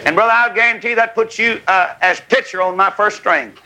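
A man preaching a revival sermon in a tent, folksy and fiery, rising to shouts, with a congregation calling back amens. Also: high-pitched, brisk, noisy background. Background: congregation calling amen.

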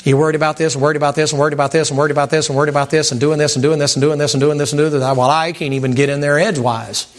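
Pastor guy preaching, folksy and animated, kinda high voice, lots of repeating. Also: rapid-fire, few pauses. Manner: folksy and animated, with repetition and mimicked sounds. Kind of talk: sermon. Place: church sanctuary with congregation.

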